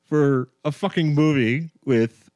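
A man's voice: a little high, slow pace, a little mellow, dry recording. A man co-hosting a podcast in casual chat, rambling and restarting his sentences and laughing often as he talks about movies. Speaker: podcast co-host.

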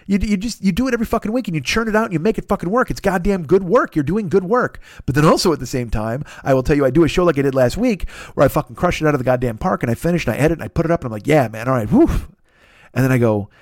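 A man's voice: fairly high pitch, no room sound, studio quality. A middle-aged man hosting his own podcast, talking alone in a rambling, profane, self-deprecating way. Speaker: podcast host. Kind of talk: solo podcast monologue.

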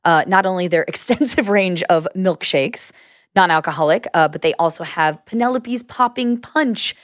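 A woman's voice: on the low side, normal speed, no room sound, studio quality. A woman co-hosting a casual chat, upbeat and enthusiastic. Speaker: co-host.

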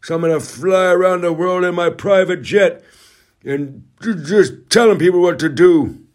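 A man's voice: high-pitched, normal speed, voice pushed up, close to an everyday voice. A man doing a comic impression of a pompous, greedy older male politician who stammers and keeps repeating "listen". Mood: smug.

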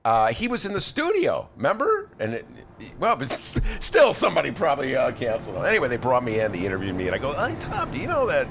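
A man's voice: medium pitch, fast talker, creaky, few pauses, noisy background. A man hosting a radio talk show, bantering and joking, slipping into impressions. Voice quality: animated, jokey, slips into impressions. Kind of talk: casual on-air banter.

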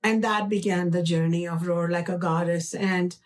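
A woman with an Indian accent, an author being interviewed, speaking in a slow, reflective and earnest way. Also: fairly low pitch, steady tone, recorded from a distance. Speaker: author guest. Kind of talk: conversational interview.

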